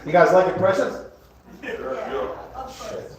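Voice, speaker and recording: A man's voice: sits high, very animated, slow, recorded from a distance, a crowd in the background. A man doing a stand-up set in a comedy club, rambling and crude with self-mocking asides. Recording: echoey club recorded from afar.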